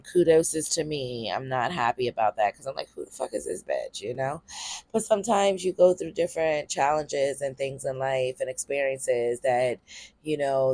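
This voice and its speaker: A woman's voice: rumbling low, a little mellow, dry recording. Rambling, candid woman, dry close sound. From Harrisburg, Pennsylvania, US. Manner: rambling and candid, full of ums and cursing. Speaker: comedian and podcast host. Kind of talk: casual solo podcast monologue.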